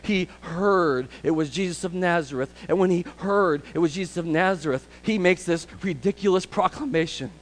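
A man's voice: high voice, normal speed, hardly any pauses, rough recording. A male preacher delivering a sermon who speaks emphatically and addresses the congregation directly. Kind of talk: expository sermon.

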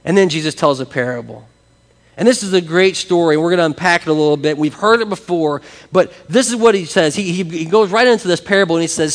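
A pastor with a high voice preaches an animated sermon, acting out the voices of the people he quotes. He speaks in a church sanctuary. His voice rings with the long reverb of a large hall. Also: fast talker.

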